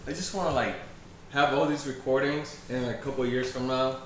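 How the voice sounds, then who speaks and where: A man's voice: mid-range voice, steady tone, a little fast. A young man co-hosting a podcast with friends, musing in a rambling way in casual chat. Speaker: podcast co-host. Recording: distant from the mic in a very echoey room with noise.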